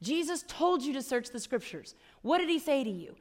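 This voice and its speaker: A middle-aged woman delivers a sermon in a high voice. She is chatty and wry, pressing her points with emphasis and tag questions. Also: very animated, moderate pace, hardly any pauses. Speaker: pastor.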